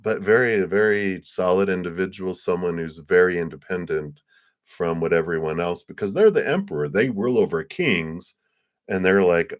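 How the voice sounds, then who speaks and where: A man giving a live-stream tarot reading, chatty and excitable, with lots of fillers. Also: low-pitched, normal speed. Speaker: tarot reader.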